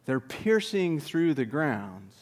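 Male pastor mid-sermon, slightly higher voice, very lively, punchy asides. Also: slow. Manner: animated, rising and dropping for emphasis, asides to the congregation.

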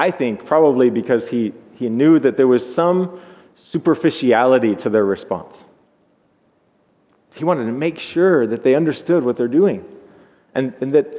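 A pastor giving an earnest, measured sermon, often repeating words as he thinks aloud. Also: mid-range voice, a little mellow. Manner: earnest, measured preaching with repetitions. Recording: long hall reverb.

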